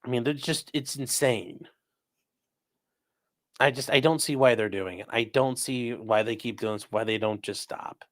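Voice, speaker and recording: A man with a mid-range, slightly bright voice reads viewer messages at a normal speed during a casual livestream. His commentary is blunt and sarcastic, and he swears freely.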